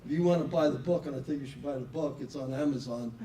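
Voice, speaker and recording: A man's voice: medium pitch, quick pace, warm tone. Chatty older New man in an echoey room. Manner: anecdotal, self-assured, chatty. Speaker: speaker at a networking event. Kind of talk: casual talk to an audience. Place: room with an audience. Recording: echoey room, mic far off, faint noise.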